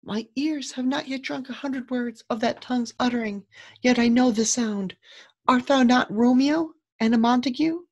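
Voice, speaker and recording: A lovesick young noblewoman, put on by a man in a raised, airy falsetto. She lingers on her words and pleads with a sigh, reading a stage play aloud. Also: dry recording, muffled recording. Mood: startled. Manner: high sighing falsetto, drawn-out pleading.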